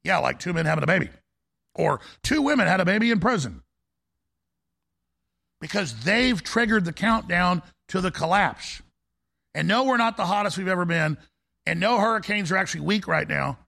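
Gravelly, high-voiced ranting male host. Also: expressive, moderate pace, long pauses. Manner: intense, forceful, conspiratorial. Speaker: talk show host. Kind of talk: ranting monologue.

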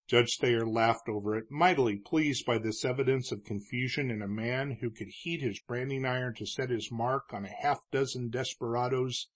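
A man narrating a book in a steady, measured reading voice. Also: medium pitch. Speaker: audiobook narrator. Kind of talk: scripted narration of a western novel.

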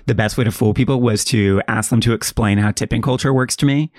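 A man's voice: medium pitch, fast talker, a little mellow, no echo. Brief: male podcast co-host, casual storyteller, dry sound. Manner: chatty, lots of "like". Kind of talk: casual chat.

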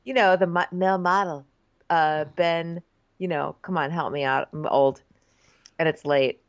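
A woman's voice: low-pitched, steady tone, measured pace. A woman co-hosting a casual chat, wry and teasing, quoting people in mock voices. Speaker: podcast co-host. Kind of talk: casual chat recapping a reality show. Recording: dull lo-fi sound.

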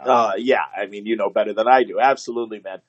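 A man hosting a casual interview, enthusiastic and quick with praise, often saying "man". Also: on the low side, steady tone, slightly rough, no room sound, muffled recording. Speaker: podcast host.

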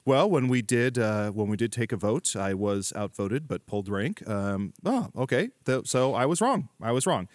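A man's voice: medium pitch, animated, moderate pace, few pauses, a little mellow, no echo, clean studio sound, natural voice. A man playing pompous rival librarian Johnny Overdue. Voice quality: theatrical, stresses words oddly on purpose. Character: pompous male rival librarian with a put-on affectation. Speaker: rival faction leader. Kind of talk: improvised comedy scene.

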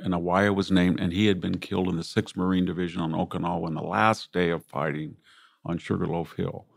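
Speaking fairly quickly in a deep, level voice with vocal fry, an older American classicist and military historian shares reflective family and war anecdotes as an interview guest. He voices relatives' words in quotes, and the recording is dry and studio-clean.

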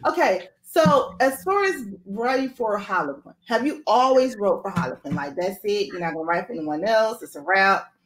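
A woman hosts a casual chat with an author, joking and slangy. Her pitch swings widely as she talks. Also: moderate pace, few pauses. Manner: animated, slangy and playful. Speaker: podcast host.

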